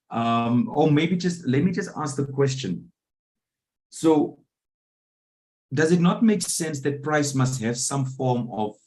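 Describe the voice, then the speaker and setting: Trading coach checking in with listeners. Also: male voice, mid-range voice, darkish tone. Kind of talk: live trading room teaching. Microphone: video call.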